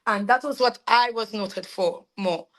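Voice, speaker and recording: A young woman with a Trinidadian accent, telling her life story as a guest in a casual interview, animated and quick to laugh. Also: medium pitch. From Trinidad and Tobago. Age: young adult. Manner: animated, laughs often, trails off with fillers. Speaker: soca artist guest.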